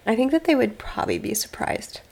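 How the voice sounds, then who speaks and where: A woman's voice: a little high, fairly quick, creaky, darkish tone, slightly rough. A woman co-hosting a podcast in casual chat, playful and teasing, with dramatic little asides. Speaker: podcast co-host.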